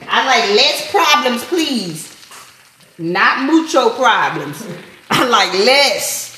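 A woman hosting a casual podcast from her home kitchen, talking loudly in slang and laughing often. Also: on the high side, big pitch swings, very slow, reverberant, slight background noise. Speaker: podcast host. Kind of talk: casual podcast chat while cooking.

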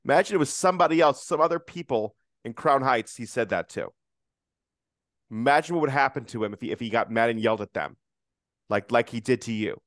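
A man's voice: mid-range voice, expressive, a little fast, a bit bright, dry recording, clean studio sound. A young man hosting a casual conversation over a video call, earnest and repeating himself as he builds his point. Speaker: podcast host.

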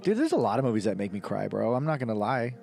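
A man's voice: medium pitch, big pitch swings, quick pace, vocal fry, a little mellow. A man co-hosting a casual comedy podcast, swearing freely, laughing often and reading stories aloud. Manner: profane, laid-back, laughs often.

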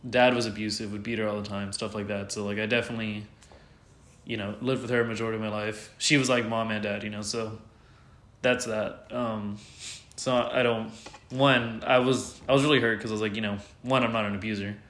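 A man's voice: on the low side, little pitch movement, a little fast, fairly bright tone. A man speaking candidly as an interview guest, rambling with lots of fillers and some swearing. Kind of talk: candid casual conversation. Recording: roomy echo.

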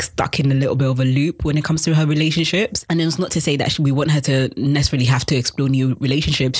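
Casual TV recap vlog, expressive and emphatic, mid pitch, dry close sound. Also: no room sound. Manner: expressive, repeats lines for emphasis, laughs often. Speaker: TV episode recapper. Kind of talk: casual episode recap and review.

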